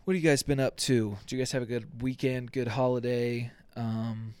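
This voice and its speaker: Young male podcast host, casual rant, swears a lot, rambles, mid pitch, dry close sound. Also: fairly even intonation, fairly quick, hardly any pauses, no room sound. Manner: profane, rambling, jokey with acted-out quotes.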